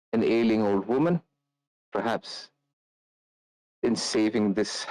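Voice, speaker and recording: An ailing old noblewoman, shrewd and secretive, pleads in formal, measured phrases, as a man with a low voice puts her on a few steps above his own. She has little strength left, but she is resolute. The recording is close and dry. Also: darkish tone, no room sound, poor audio. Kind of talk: tabletop role-play.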